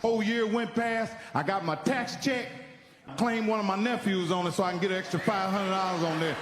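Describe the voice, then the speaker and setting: A man, originally from Indiana, telling profane, animated stand-up stories and acting out the people in them. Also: high-pitched, brisk, long reverb tail, background noise. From Indiana, United States. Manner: profane, animated, acts out characters' voices. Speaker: stand-up comedian. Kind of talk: stand-up storytelling.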